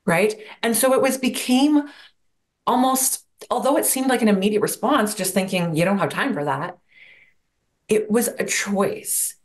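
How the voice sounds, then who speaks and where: A woman's voice: medium pitch, measured pace. A woman guest on a podcast, talking about burnout in a reflective coaching manner and posing rhetorical questions. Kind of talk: interview answers.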